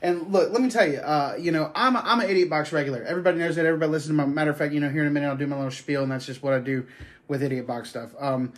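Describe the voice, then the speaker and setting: A man's voice: fairly high pitch, fairly even intonation, very fast. Profane rambling man. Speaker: podcast host. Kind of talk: casual chat.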